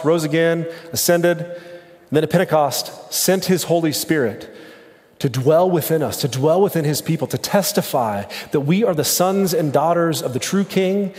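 A man's voice: fairly high pitch, darkish tone. Earnest man preaching in a reverberant hall. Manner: earnest, repeats phrases in lists. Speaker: pastor. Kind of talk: sermon.

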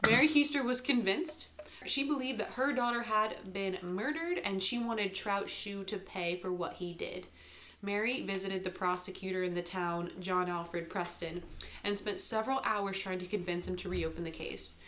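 A woman's voice: mid-range voice, moderate pace, fairly bright tone. Casting note: female podcast host narrating history, faint room hiss. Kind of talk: storytelling true-crime podcast narration.

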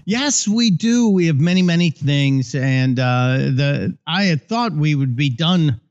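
A man co-hosting a political talk podcast, conversational and a bit halting. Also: fairly high pitch, animated, darkish tone. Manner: conversational, hesitant restarts. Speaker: podcast co-host. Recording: dull lo-fi sound.

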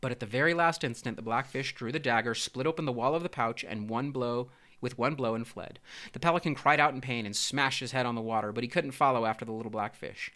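A man reading a children's story aloud with expressive, steady narration. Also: mid-range voice, fast.

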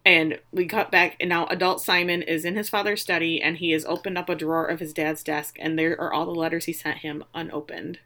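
Bright-voiced woman recapping a show. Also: low-pitched, brisk, hardly any pauses. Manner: animated storyteller, swearing, acting out quotes. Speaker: podcast co-host recapping a TV episode. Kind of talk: casual chat, retelling scenes.

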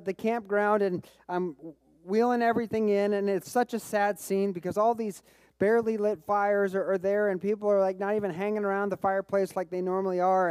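Excitable storytelling preacher man. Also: high-pitched, smooth, dry recording. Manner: lively storyteller with bursts of excitement; repeats words when restarting phrases. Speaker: pastor. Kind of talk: sermon with personal storytelling.

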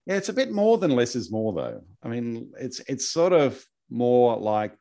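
A man's voice: mid-range voice, sing-song, measured pace, creaky, warm tone. A man co-hosting a podcast, talking in a casual, hesitant way with many fillers and restarts. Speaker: podcast co-host. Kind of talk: casual chat.

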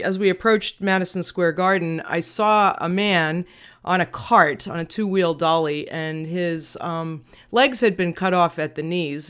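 A middle-aged woman from Long Island, a guest auctioneer, telling a personal story in an interview with animated expression. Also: lowish voice, clear, resonant tone. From Long Island, New York.

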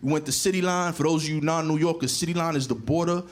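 Profane New stand-up storyteller. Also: male voice, fairly high pitch, fast. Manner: animated, profane, punchy delivery. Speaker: stand-up comedian.

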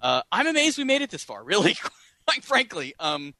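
A man's voice: high voice, huge pitch swings, moderate pace, pushed and bright, a little hiss or hum. A man co-hosting a movie podcast, chatting in a wry, reflective way. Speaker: podcast co-host. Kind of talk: casual movie podcast chat.

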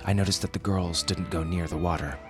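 A man calmly narrating a first-person story. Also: low voice, brisk, over music.

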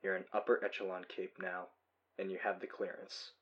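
A man voicing a weary, resigned male hero in custody, speaking quietly. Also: sits low, level tone, brisk, lo-fi sound, lightly acted.

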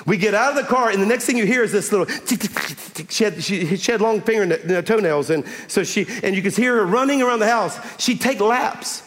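A middle-aged pastor, preaching a sermon in a lively, folksy manner and drawing the congregation in with direct questions. His voice sits high for a man. The sound carries the long reverb of a large hall. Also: a little fast, few pauses. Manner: animated, folksy, chatty with the audience.

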